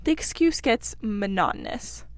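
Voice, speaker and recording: A woman reading a classic children's novel aloud as narrator, with clear, expressive storytelling. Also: mid-range voice, unhurried, no room sound.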